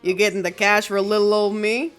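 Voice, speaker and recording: A woman voicing a sly, lazy male merchant, with a low New York-style drawl, as she reads game characters on a stream. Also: little pitch movement, fairly quick, soft background music, natural voice. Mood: teasing.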